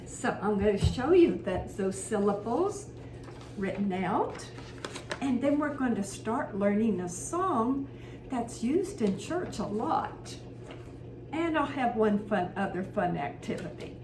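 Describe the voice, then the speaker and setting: A woman teaching a children's music lesson, chanting rhythm syllables and coaxing her young audience to clap and repeat after her. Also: fairly high pitch. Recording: echoey room with background noise.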